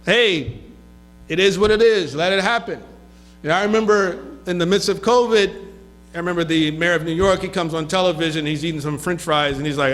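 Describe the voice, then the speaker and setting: Soft background music sits behind a high-voiced man giving a mosque lecture in a low-quality recording. Reading hadith in Arabic, he translates them into English with offhand asides and a quick laugh.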